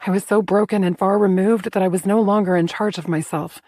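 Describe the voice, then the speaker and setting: A woman narrating a first-person romance audiobook in a soft, intimate storytelling manner. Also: medium pitch, steady tone, a little fast, dry recording, clean studio sound.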